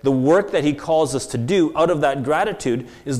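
Man preaching a halting, chatty sermon. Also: a little high, expressive, a little mellow. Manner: conversational, halting with many restarts and "right?". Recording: long echoing reverb.

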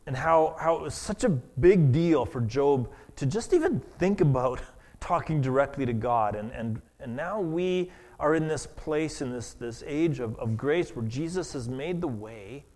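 A man preaching a sermon as pastor, earnest and halting, often restarting his words. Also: medium pitch, expressive, darkish tone.

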